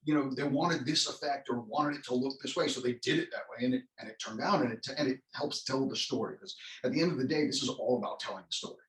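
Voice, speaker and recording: An actor being interviewed as a guest, this man speaks with a medium-pitched voice at a quick pace with few pauses. His casual, rambling talk is full of restarts and self-corrections, recorded with a roomy echo.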